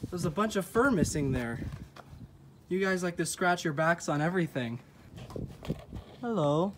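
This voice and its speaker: A man films goats on his phone at a ranch, chatting to viewers and cooing at the animals. His voice sits a little high. Clear outdoor noise runs under the phone recording. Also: lively intonation, normal speed. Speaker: vlogger. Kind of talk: casual vlog. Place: outdoors at a ranch by a goat pen.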